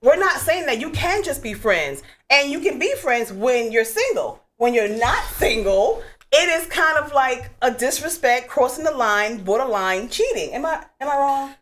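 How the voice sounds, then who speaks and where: A woman hosting a call-in radio talk show, outspoken and animated, with lots of casual fillers. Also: high-pitched, normal speed.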